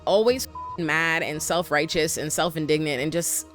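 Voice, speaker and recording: A woman hosting a comedic TV recap, animated, slangy and profane, rambling through the plot. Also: deep voice, normal speed, soft background music. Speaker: show recap host.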